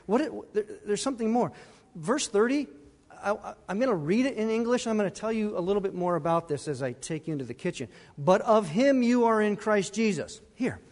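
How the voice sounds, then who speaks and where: A man preaching a sermon as pastor, animated and emphatic, with asides and brief laughs. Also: high-pitched, fast, long reverb tail.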